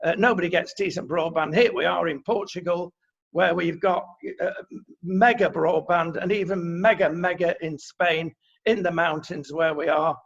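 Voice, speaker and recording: A man's voice: a little high, steady tone, normal speed, vocal fry, a bit bright, husky. A man with a Manchester accent co-hosting an opinion chat, blunt and indignant, with many fillers. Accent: Mancunian. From England. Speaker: co-host. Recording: dull lo-fi sound.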